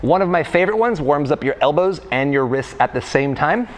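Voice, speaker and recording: Young man, fitness coach, playful and jokey, slightly high voice, talks while moving. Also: expressive, a little fast. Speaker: freerunning coach. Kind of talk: casual instructional demonstration.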